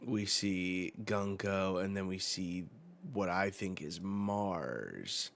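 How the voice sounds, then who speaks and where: A man hosting a casual live reaction while reading a manga chapter aloud. He talks in a relaxed, rambling way with many fillers. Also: low voice, slow pace, vocal fry.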